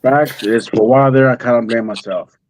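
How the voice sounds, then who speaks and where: A man talking in an emotional conversation, halting and repeating words as he speaks through tears. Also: medium pitch, fairly even intonation, no room sound, low-quality recording. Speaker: guest, father of a missing daughter.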